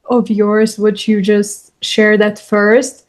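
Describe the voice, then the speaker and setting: A woman's voice: mid-range voice, little pitch movement, takes it slowly. A woman podcast host responding to her guest with effusive appreciation. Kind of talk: interview conversation.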